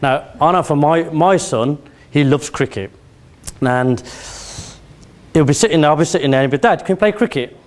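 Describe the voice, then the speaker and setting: This competition speaker, a forties-aged man from Birmingham with the local accent, addresses an event-hall audience with a motivational speech built on questions and anecdotes. His voice is on the high side, with fairly even intonation, a moderate pace and frequent pauses.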